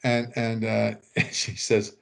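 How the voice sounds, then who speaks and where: A man's voice: lowish voice, monotone, slow pace, creaky, fairly bright tone. An older man telling rambling anecdotes in casual chat, acting out quoted voices and chuckling. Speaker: author telling stories.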